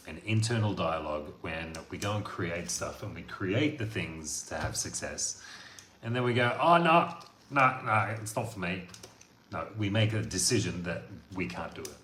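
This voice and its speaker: A man delivering a blunt, profane motivational monologue as a coach, veering from loud outbursts to quiet talk. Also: low-pitched, normal speed. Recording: echoey room with faint noise.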